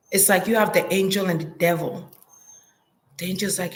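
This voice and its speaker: A woman's voice: fairly low pitch, steady tone, a little fast, slight background noise. A woman giving a psychic reading in a hesitant, murmuring way, repeating words and trailing off. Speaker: psychic reader. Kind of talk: intuitive reading monologue.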